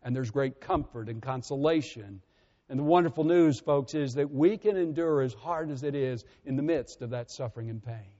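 A man preaching a sermon as pastor, earnest and measured, often letting his voice sink softly at the ends of phrases. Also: mid-range voice. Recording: muffled with long reverb.

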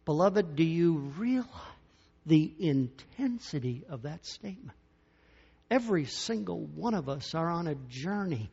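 A man preaching from the pulpit, his voice sitting a touch high for a man. He takes his time and leans on long pauses, swinging between loud declarations and hushed, drawn-out phrases. The recording sounds dull and lo-fi. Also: very animated, vocal fry, breathy edge. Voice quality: slow, dramatic delivery with big swings in loudness and long pauses. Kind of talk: sermon.

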